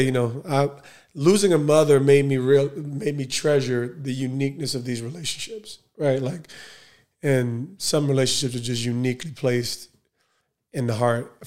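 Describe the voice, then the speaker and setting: A man's voice: mid-range voice, fairly even intonation, normal speed, a little mellow. A man hosting a podcast interview, asking questions in a loose, conversational way full of fillers and restarts. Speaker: podcast host. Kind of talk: casual interview.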